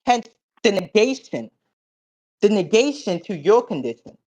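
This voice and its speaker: A man recapping an online debate, cocky and profane, lecturing in logic jargon with loud bursts and low mutters. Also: sing-song, a little slow.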